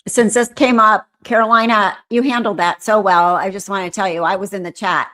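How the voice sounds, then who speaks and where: A woman's voice: mid-range voice, fairly even intonation, fairly quick, sharp tone, a little hiss or hum. A woman commentator on a live stream, chatting casually and answering viewer comments as she reads them.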